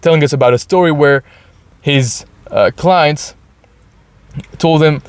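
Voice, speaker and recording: A man's voice: fairly high pitch, measured pace, long pauses, clear, resonant tone. A man hosting a casual solo podcast from inside his car. He talks loosely, often restarts his words and ends sentences with "right?". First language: French. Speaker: podcast host.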